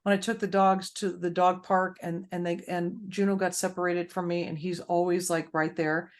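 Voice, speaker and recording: A woman hosting a faith-based grief support group, chatting warmly with many fillers as she tells stories. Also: on the low side, flat delivery, normal speed.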